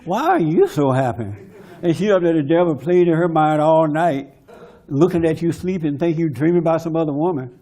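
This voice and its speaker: A man giving a forceful, preachy testimony talk at a men's conference. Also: on the high side, steady tone, fairly quick. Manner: preachy, forceful, mimics others in quoted bits.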